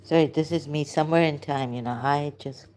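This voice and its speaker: A woman talking to herself in a halting, searching monologue, pausing and restarting often and turning emotional at times. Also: deep voice, steady tone, darkish tone, poor audio. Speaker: vlogger. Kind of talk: hesitant reflective monologue.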